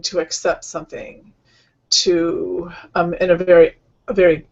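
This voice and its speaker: A woman hosting an online healing session, speaking gently and rambling, with many fillers and restarts. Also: lowish voice, muffled recording. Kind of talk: casual spiritual talk.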